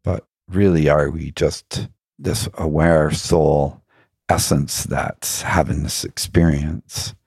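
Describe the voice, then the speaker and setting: A man's voice: a bass voice, fairly even intonation, takes it slowly, gravelly, darkish tone, slightly rough, no room sound, clean studio sound. A man telling reflective spiritual stories as an interview guest, earnest and musing, often putting questions to himself.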